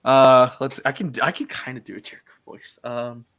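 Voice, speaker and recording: A young man, chatting casually about fan films, laughing often and slipping into quick impressions. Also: medium pitch, a bit bright. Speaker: fan-film actor and co-host. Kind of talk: casual chat.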